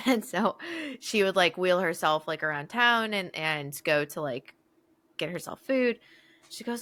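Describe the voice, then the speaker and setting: A woman's voice: moderate pace, no room sound. A woman co-hosting a podcast, telling casual stories with lots of laughter and acted-out quotes. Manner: animated storyteller, laughs often, acts out quotes in a higher voice. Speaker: podcast co-host. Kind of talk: casual storytelling chat.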